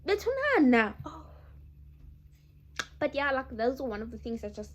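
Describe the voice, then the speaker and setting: A young woman talks straight to her viewers, emphatic and animated, often calling them "guys." Her voice sits a little high. She moves between heated opinion and quieter reflection. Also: normal speed. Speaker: vlogger. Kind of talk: casual chat to camera.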